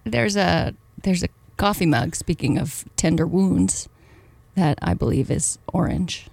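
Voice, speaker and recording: A woman's voice: fairly low pitch, unhurried, vocal fry, darkish tone, dry recording. A woman co-hosting a podcast, chatting casually in a teasing, playful way. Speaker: podcast co-host. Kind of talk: casual chat.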